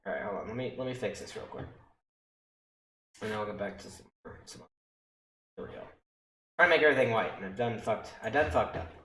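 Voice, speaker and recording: A young man who works in EMS rambles through stories on a livestream in a casual, profane way, often checking in with "okay?" and "right?". His voice is on the low side with a fairly bright tone, animated and brisk, with frequent pauses. The room is echoey, with a little hiss or hum.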